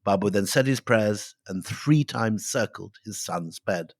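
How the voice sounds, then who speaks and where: A man's voice: lowish voice, a little slow, no room sound, clean studio sound. A middle-aged man co-hosting a history podcast, telling the story with dramatic flair and reading quotes aloud.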